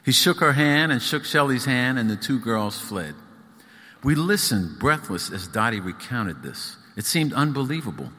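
A man reads his own prose aloud at a live event, his delivery rhythmic and emphatic. His voice sits in a middle pitch with a bright edge. The room adds a long reverberant tail. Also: very animated, moderate pace, slightly rough. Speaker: author reading his own book. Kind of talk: live book reading. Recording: echoey hall.

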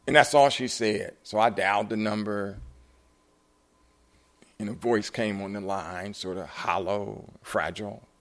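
An older man, an author at a live book event, telling a story animatedly and acting out the conversations in it, at times jumping up high in surprise and at times dropping soft. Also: measured pace. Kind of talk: storytelling talk.

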